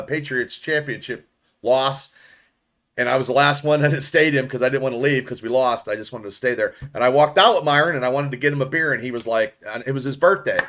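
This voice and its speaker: A man's voice: mid-range voice, fairly bright tone. A man in his fifties from the Pittsburgh area, talking bluntly on a casual sports podcast. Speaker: podcast co-host.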